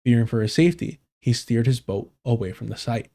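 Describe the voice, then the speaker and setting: A man reads a news story aloud on his live stream, stopping now and then for blunt, swearing asides. His voice is warm and mellow, and his pitch sits in the middle. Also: a little fast. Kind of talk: casual live stream commentary.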